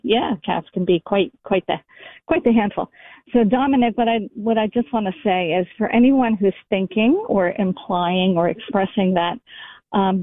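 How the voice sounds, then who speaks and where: A woman's voice: mid-range voice, dry recording. A woman calling in to a radio talk show, earnest and hesitant with many ums. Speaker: caller. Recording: phone line.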